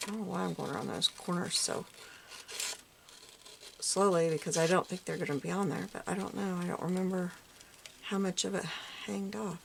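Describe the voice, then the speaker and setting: A woman's voice: on the low side, fairly even intonation, brisk, gravelly, pauses often, noisy background. A woman chatting casually while she makes paper crafts, muttering little asides to herself as she works. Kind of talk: casual crafting tutorial chat.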